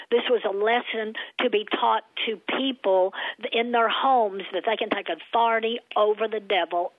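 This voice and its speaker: Female interview guest, animated storyteller, narrow phone-like audio. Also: mid-range voice, no echo. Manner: animated, acts out her father's voice in quotes. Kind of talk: personal faith testimony storytelling. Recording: tinny phone-like sound.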